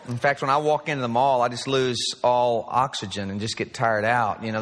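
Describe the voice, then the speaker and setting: A man's voice: mid-range voice, a bit bright. A pastor in his forties preaching an earnest, story-driven sermon. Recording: played sermon recording with long reverb.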